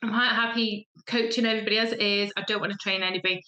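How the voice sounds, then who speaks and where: A woman's voice: mid-range voice, steady tone, racing, pushed and bright. A woman in her thirties, a guest on a podcast, telling her story chattily and acting out the voices of people she quotes. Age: 30s. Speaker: guest, feng shui coach. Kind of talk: casual podcast chat. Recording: echoey room.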